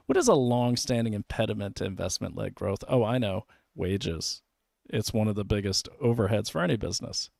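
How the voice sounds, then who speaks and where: A man's voice: lowish voice, lively intonation, a little fast, gravelly, a little mellow, no echo, clean studio sound. A man hosting an investigative online show, reading documents aloud on a shared screen and breaking in with sarcastic asides. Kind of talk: online commentary while screen-sharing.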